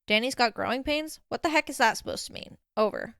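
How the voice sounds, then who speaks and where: A woman voicing a middle-aged man who mimics an excited teenage boy, firing off rapid questions. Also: a little high, gravelly, no room sound, clean studio sound.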